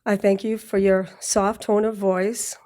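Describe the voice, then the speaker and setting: This graduate speaker has a mid-range, dark-toned voice, delivered flatly at a measured pace. Before a live ceremony audience she reads a prepared speech in a Boston, Massachusetts accent. A little nervous, she clears her throat at times and tosses in humorous asides.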